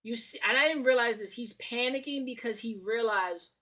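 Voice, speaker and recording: A woman from the Bronx reacts to clips on her stream in heated, slangy, profane talk. She keeps repeating her phrases, and her voice is bright and forward. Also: on the high side, moderate pace. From The Bronx, New York. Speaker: streamer host. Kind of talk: casual reaction commentary.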